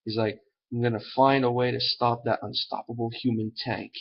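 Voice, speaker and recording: A man's voice: medium pitch, level tone, normal speed, creaky. Rambling man recapping a comic, lo-fi. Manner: loose and rambling, heavy on fillers and "and everything". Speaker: comic book reviewer. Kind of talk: casual rambling plot recap. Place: at home.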